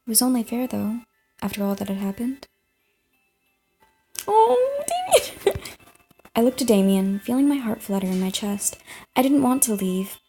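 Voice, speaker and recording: A woman's voice: medium pitch, brisk, mellow, faint music behind. A young woman hosting a let's play, reading a visual novel aloud, giggling and tripping over her words while chewing gum.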